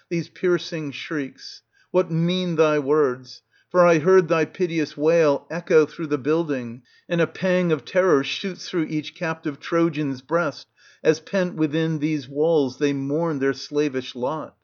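A man reading a verse tragedy aloud as an audiobook narrator, in a measured, mournful recitation. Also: a little high, lo-fi sound.

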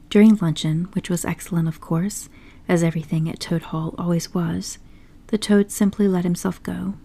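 Woman narrator, mellow, lowish voice, measured expressive storybook reading. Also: gravelly. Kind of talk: audiobook storytelling.

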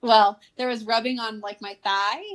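A woman's voice: on the high side, fairly even intonation, moderate pace. Chatty woman telling a story. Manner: chatty, laughs often, many fillers. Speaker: podcast guest. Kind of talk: casual storytelling.

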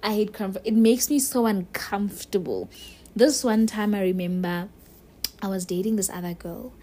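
A woman's voice: mid-range voice, normal speed, dark tone. A young adult woman telling a personal story to her viewers in a chatty, candid way, talking straight to the listener. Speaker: vlogger. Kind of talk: casual storytelling to camera.

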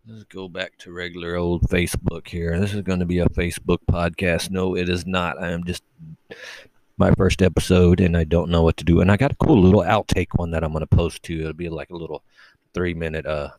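A man's voice: low-pitched, flat delivery, fairly quick, darkish tone, low-quality recording. A man hosting his own solo podcast, rambling casually and swearing, mocking himself as he goes. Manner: rambling, profane, self-mocking. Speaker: podcast host.

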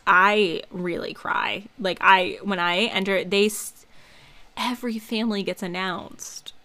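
A woman's voice: medium pitch, steady tone, unhurried, sharp tone. A woman co-hosting a casual chat who laughs often and acts out voices in her stories. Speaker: podcast co-host.

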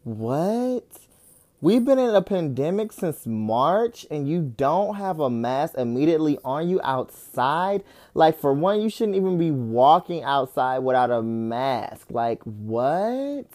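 A young adult podcast host ranting in casual talk, exasperated, swearing often and leaning on "like", with loud incredulous outbursts. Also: medium pitch, big pitch swings, slow pace. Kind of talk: casual solo rant.

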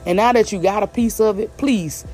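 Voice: medium pitch, moderate pace, a little mellow, soft background music. A vlogger from the American South with a Southern accent, delivering a blunt, emphatic opinion rant straight to the audience and hammering points home by repeating them. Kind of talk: direct-to-camera opinion rant.

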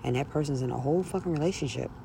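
Outdoors in a breeze, a woman vlogger delivers a blunt, profane, casual rant, hammering her points through repetition. Her low, creaky voice is warm in tone and races along, with a little hiss or hum in the audio.

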